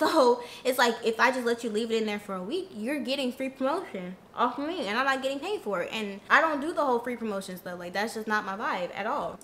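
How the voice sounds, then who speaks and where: A young woman telling a storytime vlog, ranting in an animated, indignant way. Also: a little high. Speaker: influencer vlogger.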